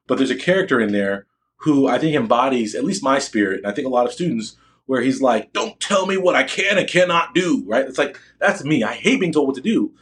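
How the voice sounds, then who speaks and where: A man's voice: medium pitch, lively intonation, brisk. A young adult man giving a motivational talk to students, boastful and emphatic, often asking the audience questions. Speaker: motivational speaker addressing students.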